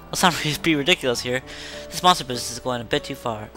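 A man's voice: medium pitch, fast, bright, forceful tone, soft background music, natural voice. A man voicing a chatty villager from a video game who gossips about local rumors. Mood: gossipy. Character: gossiping small-town villager.

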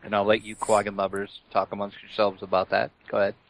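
A man co-hosting a casual gaming podcast, reading out a list with playful quick asides. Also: fairly low pitch, completely flat delivery, gravelly, no room sound, poor audio. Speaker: podcast co-host.

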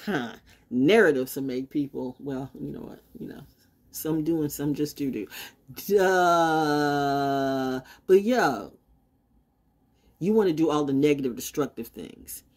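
A woman in her sixties giving a defiant, rambling monologue, swinging from loud outbursts to low mutters. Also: slow pace. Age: 60s. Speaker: vlogger. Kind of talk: unscripted monologue.

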